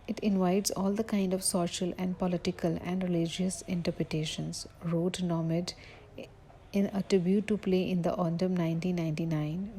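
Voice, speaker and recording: A woman giving a recorded literature lecture, reading from notes haltingly, with slips and self-corrections. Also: lowish voice, warm tone, slight background noise, rough recording.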